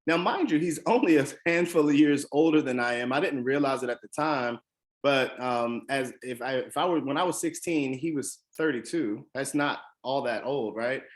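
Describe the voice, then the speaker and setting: A motivational speaker from the Washington DC area shares a personal story, earnest and emphatic, often restarting and saying "um." His voice sits at medium pitch and moves at a normal speed.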